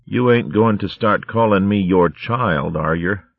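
A man voicing a badly wounded female ferret corsair who talks rough sailor slang, in a storybook reading. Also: on the low side, measured pace, no room sound, narrow, tinny audio. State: weak and wounded.

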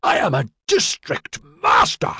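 A man's voice: low voice, lively intonation, moderate pace, breathy edge, no room sound, clean studio sound. A man voicing a proud, bitter ousted noble who speaks haughtily and spitefully. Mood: furious.

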